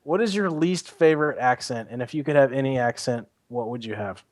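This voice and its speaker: A man's voice: mid-range voice, a little fast, no echo. A man hosting a podcast in casual chat, joking, laughing often and swearing freely. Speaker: podcast host.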